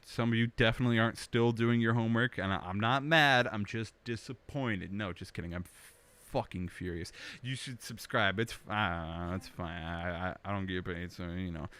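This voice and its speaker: A man's voice: lowish voice, steady tone, a little fast, hardly any pauses, bright, forceful tone, clean tone. A young man hosting his own web show, rambling through a joking, self-deprecating monologue with lots of restarts, recorded on a studio microphone. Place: small indoor home studio.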